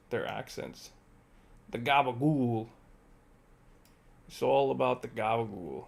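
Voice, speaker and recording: A man's voice: medium pitch, vocal fry, darkish tone. A young man streaming a game and chatting casually, laid-back and heavy on filler words like "bro". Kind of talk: casual chat while gaming.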